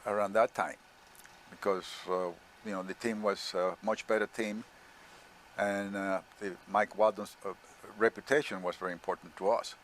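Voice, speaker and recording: A man, a parent of club riders, speaking haltingly with many pauses in a documentary interview. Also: lowish voice, slight background noise.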